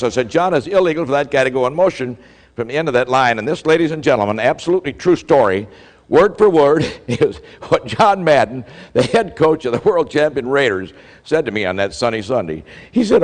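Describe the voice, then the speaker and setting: A man's voice: a little high, lively intonation, brisk. An older man giving a keynote talk to an audience, telling stories animatedly and acting out quoted exchanges. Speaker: motivational speaker. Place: large hall before a live audience. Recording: speech with long hall reverb.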